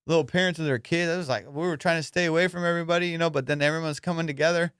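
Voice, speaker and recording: Profane, animated male comedian telling a story. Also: fairly high pitch, racing, clear, resonant tone, no echo, studio quality. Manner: profane, animated, acts out voices. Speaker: comedian podcast host. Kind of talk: casual storytelling.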